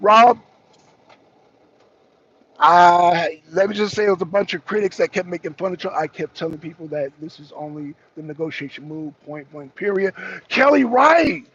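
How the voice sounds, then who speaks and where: Hosting a political talk stream, a man casually banters with his audience, calling out viewers by name and swearing regularly. His high-pitched voice is expressive, fairly bright, and slightly rough, at a moderate pace with lo-fi sound.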